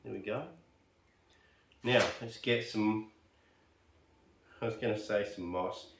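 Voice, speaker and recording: A man's voice: on the low side, steady tone, slow, noisy background. An Australian man rambling casually while potting plants, muttering and joking at himself. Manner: rambling, chatty, self-deprecating, muttering to himself. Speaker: bonsai vlogger. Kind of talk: casual narration while working. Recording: roomy sound, mic at a distance.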